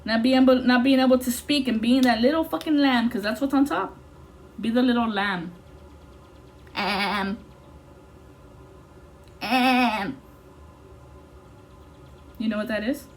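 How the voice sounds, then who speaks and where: A woman's voice: a little high, a little slow, long pauses, slight background noise. Blunt, intense woman reading tarot. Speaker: tarot reader. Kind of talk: intuitive tarot reading monologue.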